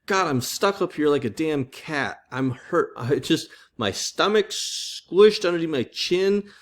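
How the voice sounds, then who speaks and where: A man voicing a grumpy old male painter who whines about being stuck on scaffolding, in a high, drawn-out voice. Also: lively intonation. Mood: whining.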